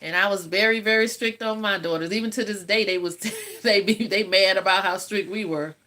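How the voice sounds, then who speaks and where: A woman's voice: medium pitch, brisk, pushed and bright, a little hiss or hum. Chatty woman in her fifties. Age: 50s. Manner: chatty, laughs often, folksy storytelling. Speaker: livestream host. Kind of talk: casual live chat with viewers.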